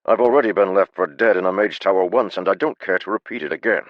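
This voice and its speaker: A man voicing a panicky, excitable young male adventurer who shouts and complains. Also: a little slow, no echo, highs cut off, exaggerated voice. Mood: grumbling. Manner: shrill, shouting, agitated.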